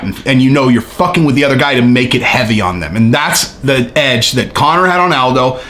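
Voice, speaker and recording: Animated swearing man commenting casually. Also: medium pitch, fairly quick. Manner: animated, swearing, filler-heavy. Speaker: host.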